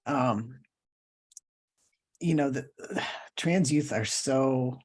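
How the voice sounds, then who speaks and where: A man speaking as an interview guest in a casual conversation, thoughtful and pausing to search for words. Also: medium pitch, a little mellow, slightly rough. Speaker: guest, professor and cartoonist.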